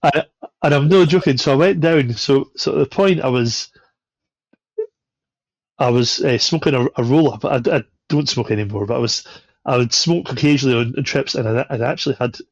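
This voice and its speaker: On a podcast, a male guest with a medium-pitched, brisk voice tells a travel anecdote full of swearing and laughter. It's casual storytelling with no room sound, and the recording is dull and lo-fi.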